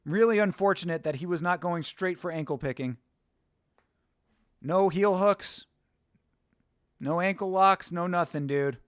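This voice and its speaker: A man's voice: on the high side, brisk, few pauses, clear, resonant tone, no echo, clean studio sound. A young American man hosting a casual fight watch-along, chatting with viewers and swearing casually. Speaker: livestream host.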